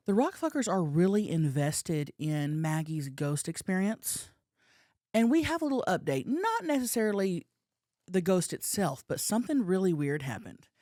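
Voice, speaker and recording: A woman with a slightly low voice is telling a story on a podcast, lively and animated, acting out the people she quotes. The sound is close and dry, as in a small studio. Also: dry recording. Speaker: podcast co-host. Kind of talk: casual storytelling chat.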